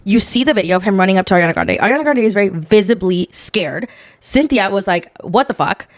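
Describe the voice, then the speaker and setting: Fast-talking young woman dishing gossip. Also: mid-range voice, dry recording, clean studio sound. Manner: animated, swears freely, gossipy. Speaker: podcast co-host. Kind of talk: casual chat.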